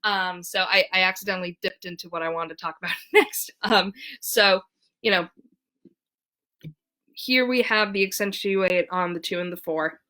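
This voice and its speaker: A woman giving a casual ukulele lesson, talking in a relaxed way with many fillers and counting beats aloud. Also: mid-range voice, moderate pace, faint music behind. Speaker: ukulele teacher. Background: ukulele strumming.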